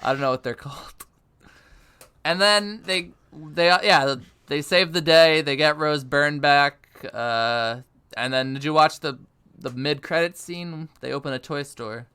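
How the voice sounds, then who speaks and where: Bright, clear-voiced rambling podcast guy. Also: fairly high pitch, a little slow. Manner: rambling, lots of filler and goofy put-on voices. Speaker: podcast co-host. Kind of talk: casual comedic chat.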